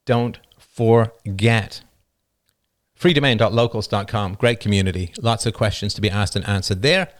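A middle-aged man hosting a live call-in philosophy show, talking with passion and emphasis, his voice a little rough. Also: lowish voice, moderate pace. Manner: passionate and emphatic, reads chat messages aloud. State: slightly rough voice.

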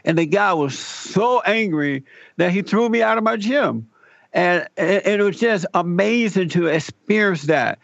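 Gravelly older man telling a story. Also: high-pitched, measured pace, dry recording, dull audio. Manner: animated storyteller, acts out quoted dialogue. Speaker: guest, radio talk show host. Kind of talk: telling a personal story in an interview.

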